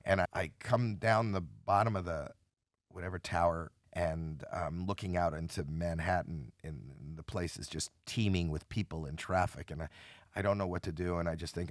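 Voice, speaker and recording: Deep-voiced man telling a painful story. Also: normal speed, dry recording, clean studio sound. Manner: emotional, dramatic retelling with quoted voices. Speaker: podcast guest. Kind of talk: candid storytelling.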